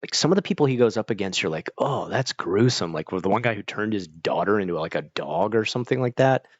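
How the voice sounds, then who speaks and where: A man's voice: fairly low pitch, expressive, quick pace, no echo, muffled recording. A man chatting casually with his stream viewers, rambling with lots of fillers while fighting off hiccups. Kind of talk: casual chat.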